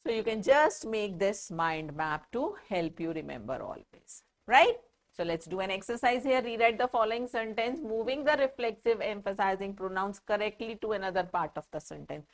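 A woman's voice: medium pitch, lively intonation, normal speed. A woman teaching an English grammar lesson to children, speaking with an Indian English accent and explaining patiently with questions to the class. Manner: explains patiently, asks the children questions and answers them herself.

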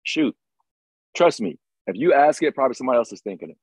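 Middle-aged male host, husky, emphatic and motivational, dry close sound. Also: medium pitch, expressive, fast, darkish tone, dry recording, poor audio. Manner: emphatic, motivational, repeats phrases. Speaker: podcast host, retired Green Beret. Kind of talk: casual conversation.

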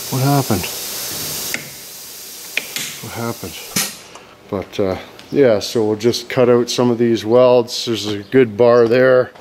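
Brief: guy, mid-pitched, rambling and profane, vlogging over loud vehicle noise. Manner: profane, rambling, self-apologizing. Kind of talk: casual vlog chat.

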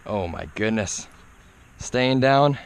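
A man's voice: fairly low pitch, lively intonation, slow, a little hiss or hum. A young man filming himself as he fishes from a boat on a lake, talking through each catch and chatting to his dog. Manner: talks to his dog while fighting fish. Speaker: fishing vlogger. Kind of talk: excited outdoor fishing commentary. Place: fishing boat on a lake, outdoors.

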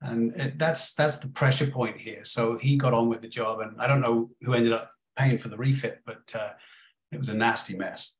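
A man's voice: mid-range voice, moderate pace, echoey room, rough recording. Man telling a story casually on a panel. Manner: relaxed storytelling with fillers. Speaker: webinar panelist. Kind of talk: casual chat.

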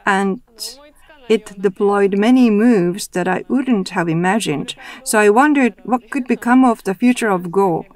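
A woman interpreting a roundtable discussion into English as a voice-over, speaking in a measured, even way with the odd restart. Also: medium pitch.

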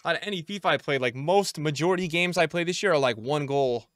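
A man streaming a football video game, talking to his chat in slangy, repetitive commentary that jumps from shouting at the referee to low muttering. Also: fast talker, no echo, studio quality. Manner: swings between shouted outbursts and low muttering; slangy, repeats himself. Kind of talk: live gameplay commentary.

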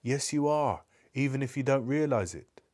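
A guarded young woman gamer, as a male reader puts her on, keeping her words clipped and firm. Her voice sits higher than the reader's own, pressing each point with quiet insistence in a live book reading. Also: expressive, moderate pace, natural voice. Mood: insistent.

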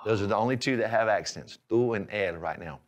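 Male language tutor. Patient, methodical explainer with a somewhat low voice. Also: a little fast. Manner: patient, clear, step-by-step explaining. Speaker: language teacher. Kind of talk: instructional lesson.

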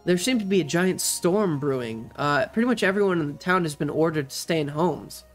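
A man narrating as the game master of a tabletop role-play game, speaking in a relaxed, hesitant way with many fillers. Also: a little high, fairly quick, faint music behind.

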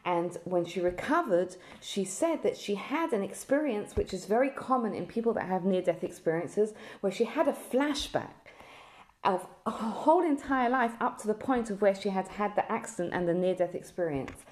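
A woman's voice: mid-range voice, lively intonation, normal speed, a little mellow. A woman teaching a lesson on a religious text, speaking earnestly and telling a story with frequent restarts.

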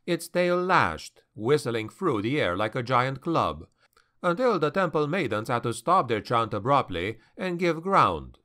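Audiobook narrator, man, slow measured delivery, bright voice. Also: mid-range voice, big pitch swings.

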